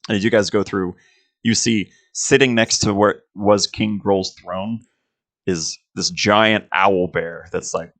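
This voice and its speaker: Low, gravelly man narrating a game. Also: a bit bright. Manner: rambling, filler-heavy description. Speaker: game master.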